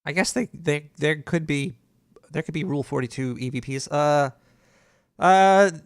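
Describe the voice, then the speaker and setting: A man's voice: a little high, a little slow, smooth, no room sound, clean studio sound. A man hosting a comedic call-in radio show as a paranoid cartoon rat, rambling and stumbling over his words as he reads emails. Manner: rambling, stammers and restarts while reading emails.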